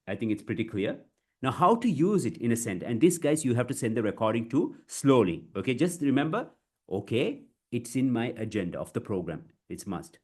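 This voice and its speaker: In an online public speaking class, a man with a mid-range, slightly mellow voice leads slow pronunciation drills, repeating words in chunks many times. English is not his first language, and he calls his students guys and often says "you see."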